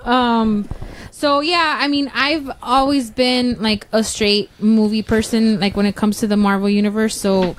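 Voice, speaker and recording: A woman's voice: on the high side, fairly even intonation, moderate pace, few pauses, slight background noise. Chatty woman rambling with fillers. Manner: rambling, many fillers, swears casually. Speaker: podcast guest. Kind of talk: casual chat.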